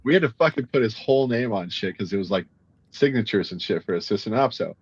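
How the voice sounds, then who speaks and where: A man's voice: on the low side, animated, husky, no room sound. A man telling a profane, exasperated funny story in a casual chat, on a dull lo-fi recording. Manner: fast, profane, exasperated humor. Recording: dull lo-fi sound.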